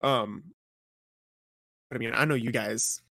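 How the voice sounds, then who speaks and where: A man's voice: medium pitch, measured pace, vocal fry, sharp tone, no room sound, studio quality. Easygoing young man telling a story. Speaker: podcast co-host. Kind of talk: casual gaming podcast chat.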